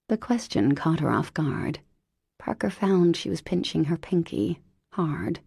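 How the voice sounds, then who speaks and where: A woman narrating a romance audiobook in a wry, expressive way. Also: deep voice, unhurried, creaky, husky, dry recording, clean studio sound. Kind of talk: scripted narration.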